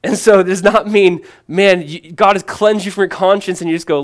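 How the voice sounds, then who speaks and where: A pastor preaching with earnest emphasis, his voice sitting a touch higher than most men's. He poses question after question and answers them, shifting between ringing proclamation and quiet, close asides. He keeps it conversational, dropping in a casual "man" now and then. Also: brisk. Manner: earnest and emphatic, asks and answers questions, swings from loud to hushed. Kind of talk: sermon.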